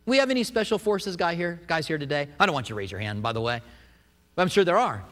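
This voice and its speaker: A man preaching a sermon, retelling a scripture story with animated storytelling. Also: on the high side, fast. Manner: animated storytelling, acts out quotes. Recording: echoey hall.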